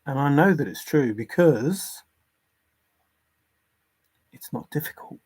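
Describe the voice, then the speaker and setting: A man with a fairly high voice hosts a casual livestream from home. He talks in an earnest, insistent way and stops to answer viewer comments. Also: animated, slow pace, darkish tone, breathy edge. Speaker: livestream host. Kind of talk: casual livestream talk on religion.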